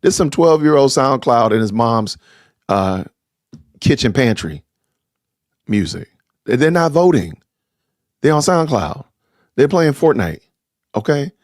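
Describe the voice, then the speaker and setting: Middle-aged male host, indignant live-stream commentary, trips over his own words, very animated pitch. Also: unhurried, pauses often, no echo, clean studio sound. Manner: indignant, stammering, repeating himself. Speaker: podcast host.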